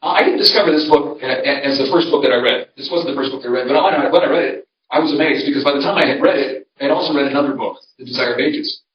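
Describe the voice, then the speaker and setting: A man's voice: mid-range voice, fast, few pauses. An older man, a pastor, giving a conversational seminar talk in a church and telling homespun stories with many restarts. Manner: conversational, storytelling, frequent restarts. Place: church hall. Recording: roomy, distant, dull sound.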